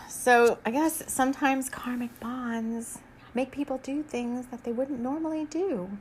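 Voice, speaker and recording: Soft-spoken woman reading her novel aloud. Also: high voice, fairly even intonation, slow pace, slight background noise. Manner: soft, musing, laughs and hesitates often. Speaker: author and spiritual reader.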